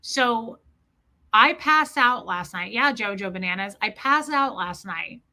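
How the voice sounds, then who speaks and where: A woman's voice: mid-range voice, expressive, unhurried, bright, forceful tone. A woman hosting a live stream, telling a personal story in an earnest, casual way and greeting viewers by name.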